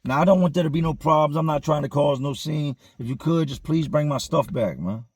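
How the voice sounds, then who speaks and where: A man voicing a robbed male inmate who loudly pleads with his dorm to return his things. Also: a little high, brisk, husky, no room sound, clean studio sound, voice pushed up. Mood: loud pleading. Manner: loud, pleading, repetitive.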